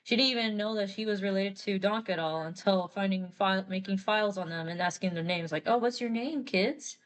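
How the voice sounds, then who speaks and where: A woman's voice: medium pitch, fairly even intonation, brisk. A woman artist on a live stream, explaining story lore in a chatty, rambling way, often correcting herself. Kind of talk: casual live-stream chat.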